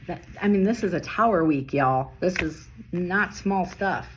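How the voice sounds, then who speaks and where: A tired woman reading tarot late at night, talking in rapid bursts that stop and restart mid-sentence. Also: lowish voice, noisy background. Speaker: tarot reader.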